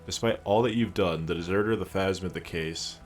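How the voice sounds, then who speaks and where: A man's voice: low-pitched, a little fast, soft background music. A man streaming a game, reading its dialogue aloud and joking in between. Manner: wry, joking, reads lines in character.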